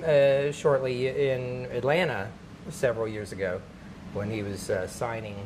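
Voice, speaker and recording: Animated male comedian telling stories. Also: mid-range voice, measured pace, slight background noise, low-quality recording. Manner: animated storyteller, slips into character voices. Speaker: guest comedian. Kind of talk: casual podcast chat.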